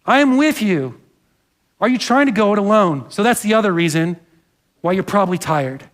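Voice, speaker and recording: High-voiced man preaching a sermon. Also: animated, a little fast, fairly bright tone. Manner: earnest, conversational preaching with asides to the congregation. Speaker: pastor. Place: church sanctuary.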